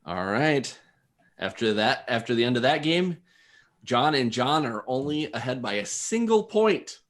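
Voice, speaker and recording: A man's voice: mid-range voice, big pitch swings, measured pace. A man hosting a casual online game show in a laid-back way, chuckling between explanations.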